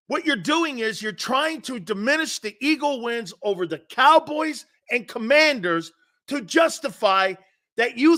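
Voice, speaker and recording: A middle-aged man hosting a sports talk show, ranting loudly and mocking rivals. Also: extremely high pitch. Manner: loud, mocking, puts on voices and laughs often. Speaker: sports radio host. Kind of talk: animated sports talk rant.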